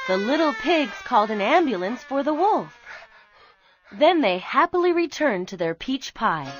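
A woman narrating a children's storybook in an expressive, unhurried way. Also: on the high side, slight background noise. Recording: slightly dull recording with music behind.

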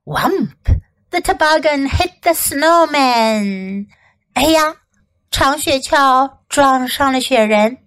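A woman English teacher reading a children's story aloud in an expressive, clearly enunciated voice. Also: high-pitched, slow pace.

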